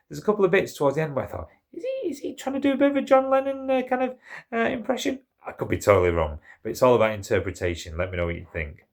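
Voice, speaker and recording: A man hosting his own music channel, chatting enthusiastically through an album review track by track, with plenty of "uh" and "um" and questions to his viewers. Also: on the low side. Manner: asks viewers questions and invites comments. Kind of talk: casual solo album review to camera.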